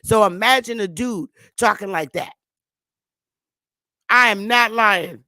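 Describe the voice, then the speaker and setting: A woman hosting her own channel, chatting to viewers in a loose, profane way, laughing often and stammering when she gets excited. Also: medium pitch, slow pace, no room sound, studio quality. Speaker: channel host. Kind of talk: casual commentary to viewers.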